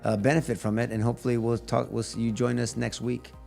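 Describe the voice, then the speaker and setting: A man's voice: mid-range voice, little pitch movement, fast, vocal fry, darkish tone, faint music behind. A middle-aged man hosting a casual chat, blunt and joking, who often repeats words as he starts a thought. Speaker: podcast host.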